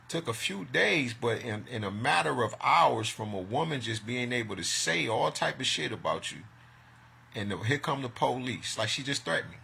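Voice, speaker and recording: A man's voice: mid-range voice, expressive, moderate pace, creaky, bright, forceful tone, a little hiss or hum. A man ranting to the camera in a vlog, agitated and profane, making accusations. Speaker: vlogger.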